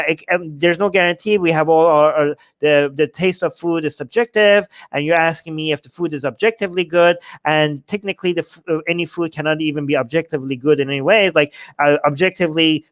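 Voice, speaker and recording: A man hosting a livestream, talking in a casual, animated, rambling way, swearing freely and firing off rhetorical questions. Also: a little high. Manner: heavy use of rhetorical questions. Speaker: livestream host.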